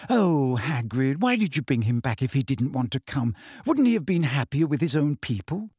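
A man voicing a frightened teenage schoolgirl witch who speaks in a shrill, anxious whisper and turns sarcastic. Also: very animated, moderate pace, a little mellow, husky, no room sound, studio quality.

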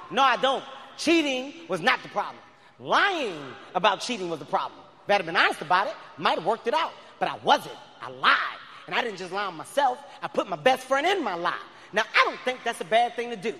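A man in his thirties doing a loud, profane stand-up comedy routine on stage, shouting his punchlines. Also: very high-pitched, big pitch swings, a little fast, slight background noise. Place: large comedy venue on stage. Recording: live hall reverb, faint crowd ambience.

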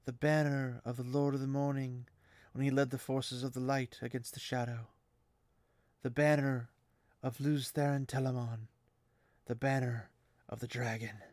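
Grave sorceress speaking slowly, read by a man. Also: mid-range voice, level tone, a little mellow, no room sound, close to an everyday voice. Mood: solemn. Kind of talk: reading a novel aloud.

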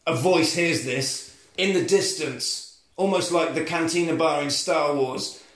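A man's voice: a little high, unhurried, a bit bright, echoey room. A man recapping a film plot in casual comedic chat, swearing and laughing as he mimics the characters. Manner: sweary, laughing, retells scenes with quoted voices. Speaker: podcast co-host recapping a film.

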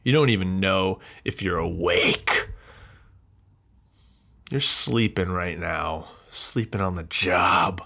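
Slow, low-voiced man ranting bitterly. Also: creaky, sharp tone. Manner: bitter, rambling, self-mocking rant with swearing. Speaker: podcast host. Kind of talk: solo podcast monologue.

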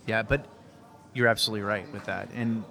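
A man's voice: fairly low pitch, steady tone, gravelly, pushed and bright. A man co-hosting a podcast at a brewery, speaking thoughtfully and steering the talk. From Arkansas. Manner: thoughtful, measured, hosts the talk. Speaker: podcast co-host. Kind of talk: casual chat. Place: brewery taproom.

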